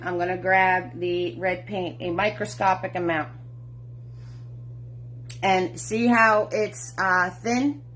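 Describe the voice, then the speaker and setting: A woman's voice: mid-range voice, fairly bright tone. A middle-aged woman teaching a live online painting class, chatty and encouraging, greeting viewers by name and calling them sweetheart and hun. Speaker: painting instructor. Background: faint music.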